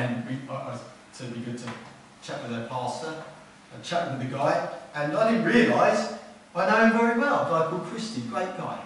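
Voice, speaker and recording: A man's voice: mid-range voice, slight background noise. A man preaching a sermon as pastor, in an earnest conversational way that repeats words for emphasis. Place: church hall. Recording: echoey hall, mic far off.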